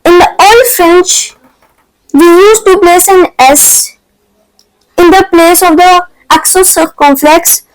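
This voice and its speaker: A woman's voice: very high voice, fairly even intonation, slow, no echo, rough recording. A woman teaching an online French lesson, explaining patiently step by step in non-native English phrasing.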